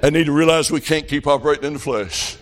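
A man's voice: a little high, fast. A middle-aged man preaching a revival sermon, telling folksy stories that rise to fervent calls.

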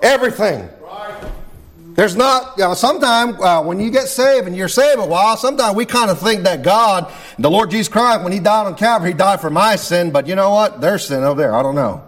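A man's voice: sits high, lively intonation, fairly quick, fairly bright tone, soft background music. A middle-aged man preaching and praying fervently as a pastor, peppering his phrases with "amen" and "Lord God". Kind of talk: sermon.

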